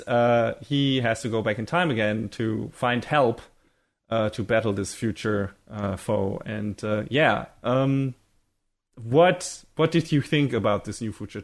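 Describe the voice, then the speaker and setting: Rambling man with lots of fillers. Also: medium pitch. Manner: rambling, many fillers, swears casually. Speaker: podcast co-host. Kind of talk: casual chat.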